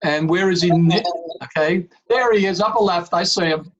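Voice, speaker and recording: Man, high pitch, emphatic meeting chair on a video call. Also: normal speed, lo-fi sound. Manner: emphatic, calls on members by name. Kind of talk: online board meeting.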